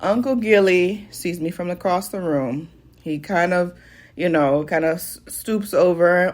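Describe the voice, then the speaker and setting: A woman's voice: lowish voice, measured pace. A young adult woman casually telling a funny personal story to her viewers, laughing often and calling them y'all. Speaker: vlogger.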